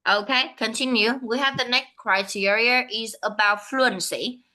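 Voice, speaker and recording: Slow bright-voiced Vietnamese woman tutor. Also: a little high, rough recording. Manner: slow, repeats and corrects herself. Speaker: English speaking tutor. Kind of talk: online one-on-one lesson.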